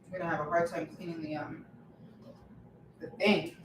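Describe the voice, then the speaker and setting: In an echoey home kitchen with faint ambience and slight background noise, a woman bakes while chatting casually with livestream viewers. Her voice is on the low side with a level tone and moderate pace, and she laughs frequently and trails off with fillers.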